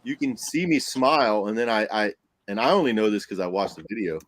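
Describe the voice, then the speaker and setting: A man, a paranormal investigator, telling a story on a podcast in a casual, animated way, acting out what people said and laughing often. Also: fairly low pitch, fairly quick, no room sound.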